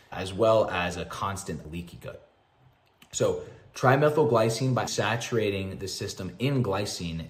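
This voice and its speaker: Male practitioner, very low voice, confident and casual, explaining to camera in a roomy space. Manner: confident, informal, matter-of-fact explaining. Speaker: mineral-balancing practitioner. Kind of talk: explanatory health lecture to camera.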